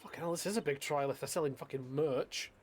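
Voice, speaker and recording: A man's voice: a little high, quick pace. Profane, jokey man streaming a game. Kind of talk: casual game commentary.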